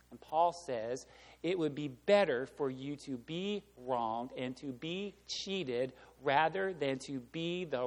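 A male pastor preaching a conversational sermon, dropping to soft asides and rising to loud, emphatic peaks. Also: mid-range voice. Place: church sanctuary. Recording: long church reverb.

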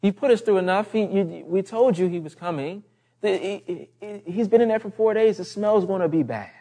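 A man voicing an exasperated grieving woman who protests in a high, halting rush. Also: dark tone.

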